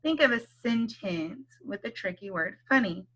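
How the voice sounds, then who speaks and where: A woman teaching a kindergarten phonics lesson, speaking slowly and clearly, encouraging the children and stretching out letter sounds. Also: mid-range voice, lively intonation, fairly bright tone.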